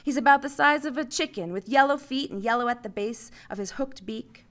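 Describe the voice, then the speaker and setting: Bright-voiced woman reading a story aloud. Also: on the high side, brisk. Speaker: writer reading her story.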